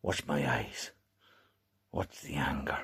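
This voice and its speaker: An Irish man delivering an angry, profane rant straight to camera, swinging between low hushed menace and shouting. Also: takes it slowly, creaky, husky.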